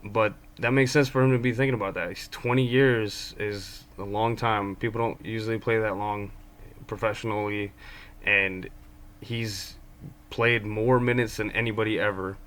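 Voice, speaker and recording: A man's voice: lowish voice, steady tone, normal speed, fairly bright tone. A man giving casual basketball commentary as a fan of his team, rambling with many ums and restarts. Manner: fan talking about his own team.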